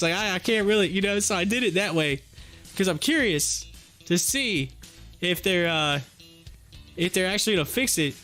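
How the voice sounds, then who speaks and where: Chatty high-voiced man rambling on stream. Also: a little fast, sharp tone, faint music behind. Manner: rambling, chatty storytelling with frequent fillers and laughs. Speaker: day-trading live stream host. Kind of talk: casual live-stream chat.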